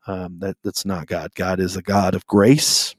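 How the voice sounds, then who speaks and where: A man co-hosting a faith podcast, talking in a relaxed, rambling way with many filler words. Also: deep voice, measured pace, no echo, studio quality. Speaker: podcast co-host. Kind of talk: casual faith podcast talk. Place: at home on a video call.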